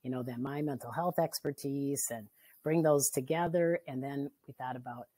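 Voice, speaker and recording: A woman's voice: very deep voice, moderate pace, warm tone, dry recording. A middle-aged woman, a family therapist, talking in a casual interview, earnest and reflective, laughing easily. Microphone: video call.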